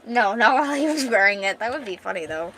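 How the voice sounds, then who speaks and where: A chatty woman streamer reads a comic aloud in a casual, giggly way, breaking off often for asides. Her voice sits fairly high. A faint hiss hangs under it. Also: animated, quick pace, pushed and bright.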